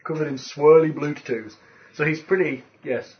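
A man's voice: fairly high pitch, normal speed, dull audio, slight background noise. A man running a tabletop game as game master, joking and teasing his players and laughing often. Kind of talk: casual tabletop game chat.

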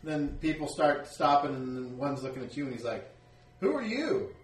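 A man's voice: mid-range voice, steady tone, brisk. A man narrating as game master in a tabletop game, talking casually with lots of fillers, heard in an echoey room from a distant mic.

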